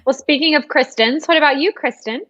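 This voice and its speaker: A woman's voice: high-pitched, fairly quick, sharp tone, no room sound, dull audio. A woman with a Southern accent hosting a casual chat, upbeat as she asks questions and hands the turn to each guest. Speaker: host. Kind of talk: casual chat on a video call.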